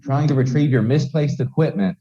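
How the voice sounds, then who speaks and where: A man's voice: mid-range voice, brisk, warm tone. A man playing a tabletop game, playful and stumbling over his words as he talks in character. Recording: dull lo-fi mic.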